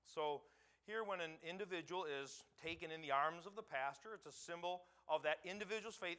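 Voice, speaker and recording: A pastor teaching a sermon, reading scripture aloud and pausing to quiz the congregation for answers. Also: male voice, fairly high pitch, bright, forceful tone. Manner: quizzes the congregation with pauses for answers.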